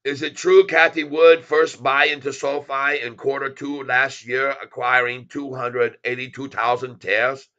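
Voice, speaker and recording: A man's voice: mid-range voice, little pitch movement, drawn-out words, pauses often, pushed and bright, highs cut off. A man putting on a foreign accent, speaking playful broken English as a stock channel host. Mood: emphatic. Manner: broken English, jokey and teasing.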